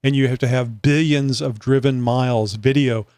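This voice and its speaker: A male podcast host talks in loose, rambling, casual chat full of fillers. His voice sits at an ordinary pitch for a man. The sound is dry and close, with no room around it. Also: steady tone, moderate pace, darkish tone, clear, resonant tone, dry recording. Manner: rambling, chatty, many fillers.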